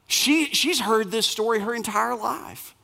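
High-voiced man preaching a sermon. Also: a little slow, vocal fry, pushed and bright. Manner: conversational, asks the audience questions, acts out quotes. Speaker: pastor.

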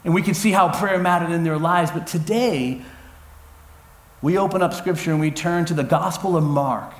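Lively pastor in a roomy church hall. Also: male voice, on the high side, normal speed. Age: 40s. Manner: lively, addressing a crowd with cheers and callouts; storytelling with humor. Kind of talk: sermon. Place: church auditorium before a congregation.

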